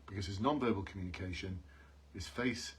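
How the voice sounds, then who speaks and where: On a live stream for police job applicants, a man coaches in a low, brisk, slightly rough voice. Earnest throughout, he hammers home key points through repetition and calls out to his viewers.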